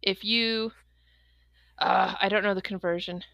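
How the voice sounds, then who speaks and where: A woman's voice: medium pitch, fairly even intonation, a little slow, gravelly, fairly bright tone, no echo. A woman co-hosting a podcast in casual chat, talking things through with plenty of fillers. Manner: chatty, explains things with lots of fillers. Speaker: podcast co-host.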